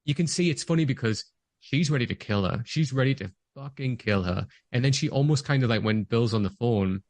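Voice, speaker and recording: Man, podcast co-host, eager film talk, mid-pitched voice, dry close sound. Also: brisk, darkish tone, dry recording. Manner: enthusiastic, gushing, acts out quotes. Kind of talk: casual movie review chat.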